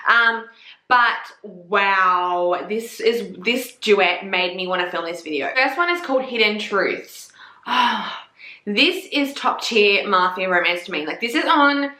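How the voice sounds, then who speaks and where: A woman's voice: medium pitch, slow pace. A young woman, chatting casually and sassily about books, swearing freely. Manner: sweary, sassy and animated. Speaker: book reviewer. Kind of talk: casual chat. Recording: echoey room.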